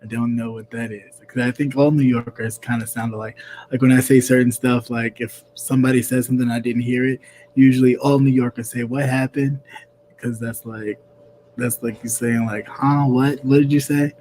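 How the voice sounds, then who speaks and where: A man's voice: medium pitch, little pitch movement, a little fast, a little mellow. Male host, from New York, casual stream talk, rambling delivery, mid-range voice, faint hum underneath. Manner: rambling, many fillers and throat-clearing. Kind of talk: casual live-stream chat.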